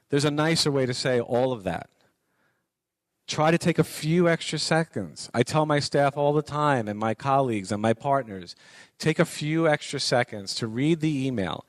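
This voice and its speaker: A man's voice: medium pitch, normal speed, dry recording. A middle-aged man giving a conversational lecture to college students, repeating his points for emphasis. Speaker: guest speaker on business writing.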